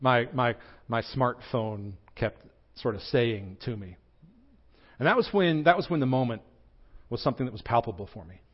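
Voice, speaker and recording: A young adult man with a Southern American accent preaching a sermon, telling a personal story earnestly, with his voice rising and falling in pitch and loudness. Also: lively intonation, moderate pace, dull audio. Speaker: pastor.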